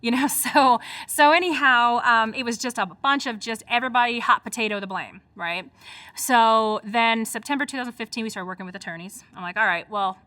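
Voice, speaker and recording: Woman with a Michigan accent, middle-aged, quick and lively, bright voice, dry close sound. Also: a little high, no echo. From United States. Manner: fast, animated storytelling with frequent fillers. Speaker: interviewee, community activist. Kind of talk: casual spoken recollection.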